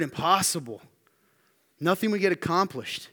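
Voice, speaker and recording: A male pastor delivering a sermon in a church hall with a long, ringing reverb. His voice sits a little high and grows loud and insistent as he repeats phrases. He keeps checking in with the room through short rhetorical questions. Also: normal speed. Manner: emphatic, building to loud high-pitched intensity; repetitive rhetorical questions to the congregation.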